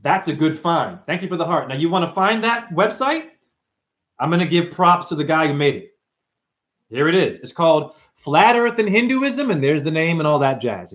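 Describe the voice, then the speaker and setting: A man with a somewhat high voice rambles through a livestream, swearing freely. He jumps from topic to topic and throws quick asides to his chat. He calls viewers "honey" and "dumbass". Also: a bit bright. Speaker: livestream host.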